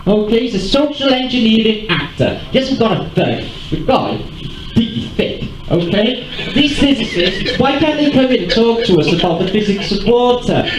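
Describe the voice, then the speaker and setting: High, lively-voiced man speaking in a roomy hall. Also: moderate pace, faint music behind. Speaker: convention speaker. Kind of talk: live talk to an audience. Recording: roomy hall with faint ambience.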